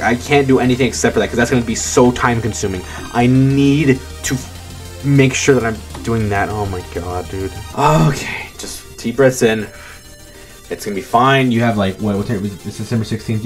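A man giving casual gameplay commentary, frustrated, swearing, and talking himself down. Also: on the low side. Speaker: gaming video creator. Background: faint game music.

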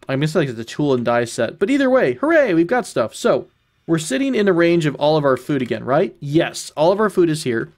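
A man casually commenting on his own gameplay, thinking out loud, correcting himself and chuckling now and then. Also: fairly high pitch. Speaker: gaming channel host. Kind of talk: casual let's-play commentary.

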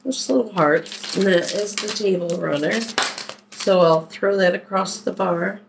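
A woman's voice: mid-range voice, gravelly, background noise. A woman from Philadelphia chatting casually through a shopping haul, unpacking items as she goes. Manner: chatty, unhurried, talks while unpacking items. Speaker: vlogger doing a shopping haul. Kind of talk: casual haul video chat.

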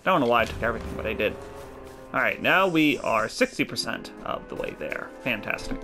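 Man, gamer commentary, loose and jokey, game music clearly behind. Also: mid-range voice, very animated, fairly quick. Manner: chatty, swears, mock-corny jokes. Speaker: let's play gamer. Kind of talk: casual gameplay commentary. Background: game music and sounds.

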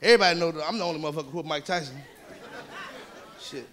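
A man works a live comedy room with rowdy, profane storytelling, slipping into mocking voices. His voice sits high and rings bright. A faint crowd and some room noise stay under him throughout. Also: racing. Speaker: stand-up comedian. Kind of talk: live stand-up routine. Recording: live club recording with audience. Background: audience laughter and room noise.

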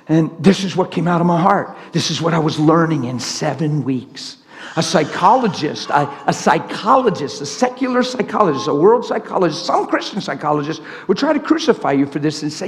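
A man's voice: sits high, brisk, creaky. A middle-aged man preaching a sermon in a church, telling stories and acting out the people in them. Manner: animated storytelling, acts out quotes. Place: church hall. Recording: long echoing church reverb.

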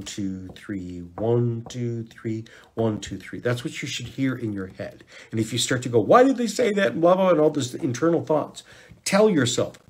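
A man hosts a natural health podcast in an easy, rambling way. His voice is somewhat husky and sits at a middling pitch. When he guides breathing exercises, he sinks into quiet counting and gentle shushing. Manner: rambling and conversational, with hushed counting and shushing during breathing guidance. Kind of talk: casual health podcast talk.

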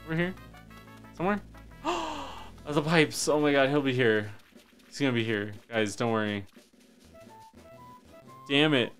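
A man streaming a game live, cursing and talking to himself, swinging between loud high yelps and low muttering. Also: lively intonation, a little slow, long pauses, faint music behind. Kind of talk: live gameplay commentary.

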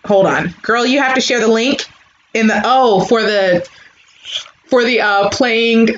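A woman's voice: fairly high pitch, a little slow, reverberant, highs cut off, a little hiss or hum. A young woman from California hosting a casual live stream, chatting and answering viewer comments. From California, USA.

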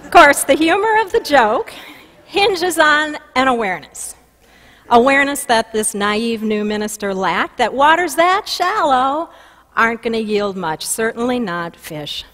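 A woman pastor preaches a sermon in a church, her fairly high voice carrying long reverb through the sanctuary. She tells her stories with lively emphasis and a homespun warmth of delivery. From Minnesota.

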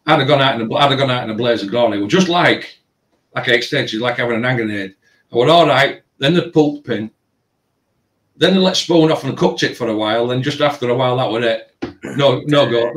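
Speaking in a mid-range voice far from the mic, a tattoo shop owner retells a long story in a casual, rambling, animated way, leaning on plenty of filler phrases. The recording sounds roomy.

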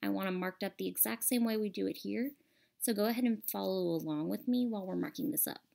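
A woman's voice: medium pitch, fast talker, creaky, dark tone. A woman teacher explaining a grammar lesson patiently and step by step over a screen recording.

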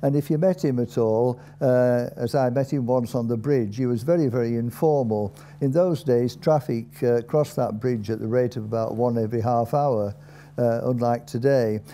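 An older man telling anecdotes in an unhurried, halting way, with frequent pauses and fillers. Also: medium pitch, dark tone. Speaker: storyteller. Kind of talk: anecdotal storytelling. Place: country inn.

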